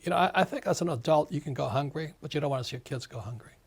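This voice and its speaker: A man's voice: a little high, animated, rapid-fire, vocal fry, slightly rough. An older man in his seventies, an author being interviewed, speaking emphatically in a ranting way. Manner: emphatic, ranting, acts out quoted voices. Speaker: author and guest.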